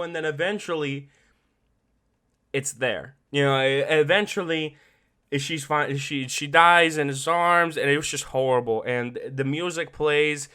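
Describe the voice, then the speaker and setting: A man hosting a solo podcast, talking in a bright, forward voice that sits a little high for a man. He is casual and profane and laughs often. He swings from loud, excited bursts to low, earnest asides. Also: moderate pace, clear, resonant tone. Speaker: podcast host.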